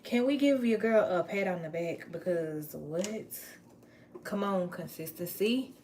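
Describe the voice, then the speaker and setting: A woman chatting casually on a livestream, playful and drawn-out, while washing dishes at home. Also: on the low side, warm tone, a little hiss or hum. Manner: chatty, playful, drawn-out words, Southern US slang. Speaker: vlogger. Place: home kitchen.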